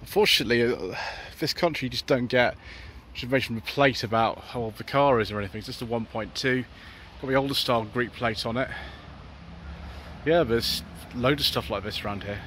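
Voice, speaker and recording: A British man hosting a car channel walks along town streets, enthusiastically chatting to viewers as he spots cars, with outdoor street noise around him. He speaks in British English at a brisk pace, with a medium pitch and fairly bright tone.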